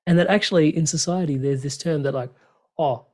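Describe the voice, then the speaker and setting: A man, speaking openly and earnestly in a relaxed conversation, with many fillers and restarts. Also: on the high side, fast talker. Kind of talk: reflective conversational chat.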